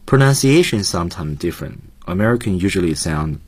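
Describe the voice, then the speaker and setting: A man teaching English on a radio lesson, explaining points in a calm, explanatory way. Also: low-pitched, fairly quick, husky, no echo. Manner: explanatory, switches between Chinese and English.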